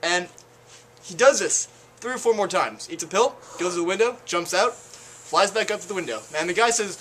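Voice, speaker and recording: A man's voice: fairly high pitch, a little fast, a bit bright. A young man telling bar jokes casually among friends at home, rambling and hesitant with fillers. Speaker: joke teller. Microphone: handheld camcorder. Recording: faint background noise, home camcorder.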